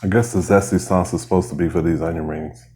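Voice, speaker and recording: A man's voice: deep voice, fairly even intonation, fast, warm tone, slight background noise. A man vlogging while he eats, chatting casually and rambling between bites. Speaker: mukbang vlogger. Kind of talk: casual chat while eating.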